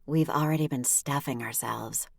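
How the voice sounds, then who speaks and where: A woman's voice: extremely low pitch, normal speed, gravelly, no echo, clean studio sound, full character voice. A woman voicing a friendly, easygoing woman friend in an audiobook. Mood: cheerful.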